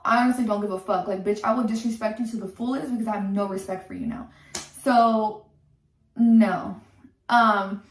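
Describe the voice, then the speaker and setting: A woman's voice: a little high, far from the mic. A young woman telling a story in a heated, swearing rant, with lots of "like" between her words. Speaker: content creator telling a story. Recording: echoey room, off-mic.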